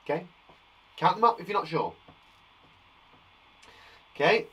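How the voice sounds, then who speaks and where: A man's voice: high-pitched, lively intonation, a little slow, a bit bright, husky. A man from England, a primary school teacher giving a live online maths lesson to young children, playful and encouraging, chatting to viewers by name.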